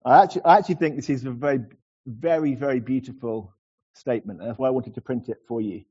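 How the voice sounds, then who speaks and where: A middle-aged man preaching a sermon earnestly, slowing down to linger over key phrases. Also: mid-range voice, dark tone, breathy edge, lo-fi sound. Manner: earnest, slows to savor phrases.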